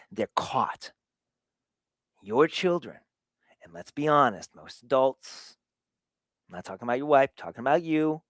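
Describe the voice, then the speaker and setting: A man hosting a show, giving an earnest motivational talk on fatherhood, swinging between hushed and emphatic delivery. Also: mid-range voice, no echo. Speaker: show host.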